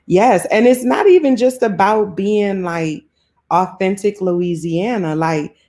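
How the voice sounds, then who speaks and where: A woman's voice: medium pitch, slow, dark tone. A woman from New Orleans with a New Orleans accent, chatting casually with viewers on a live stream and often laughing. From New Orleans, USA. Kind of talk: casual live chat reading comments. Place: South Florida home.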